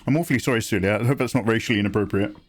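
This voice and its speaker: A man's voice: lowish voice, racing. A man hosting a drawing livestream, chatting casually with viewers, joking and swearing freely. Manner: animated, swears freely, jokes with chat. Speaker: livestream host. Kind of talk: casual chat while drawing.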